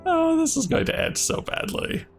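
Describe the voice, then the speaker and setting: A man commentating a video game playthrough, reacting loudly and laughing often. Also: very high voice, animated, normal speed, creaky. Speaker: gaming channel host. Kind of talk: let's play commentary. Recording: voice over game audio with faint music.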